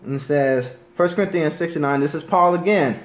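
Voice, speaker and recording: A man teaching from the Bible in an earnest way, reading verses slowly and deliberately and often asking "you understand?". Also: fairly high pitch, echoey room, low-quality recording. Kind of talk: scripture teaching.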